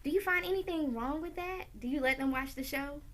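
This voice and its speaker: A middle-aged woman hosting a talk show in casual chat, animated and outspoken. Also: sits high, a little fast. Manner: animated, outspoken, swears and laughs often.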